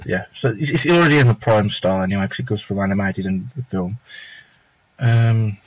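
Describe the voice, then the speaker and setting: A man's voice: lowish voice, a little fast, no echo, rough recording. A man chatting casually on a live stream from home, thinking aloud as he draws, with plenty of fillers and half-finished thoughts. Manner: rambling, thinking aloud with fillers and self-talk. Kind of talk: casual live-stream chat while drawing.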